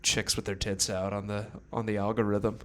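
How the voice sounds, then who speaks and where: A man with a fairly low voice co-hosts a comedy podcast in loose, casual banter. He laughs a lot and riffs freely, tossing in goofy bits as the jokes build. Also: flat delivery, moderate pace, fairly bright tone. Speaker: podcast co-host.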